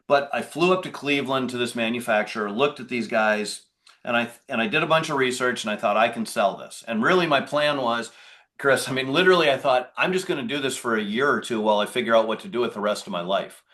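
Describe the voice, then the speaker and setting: A man with a middle-pitched voice speaking as a podcast guest. He talks in a loose, conversational way, rambling and restarting as he goes. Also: fast talker, bright, forceful tone. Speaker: podcast guest, business owner. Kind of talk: casual interview talk.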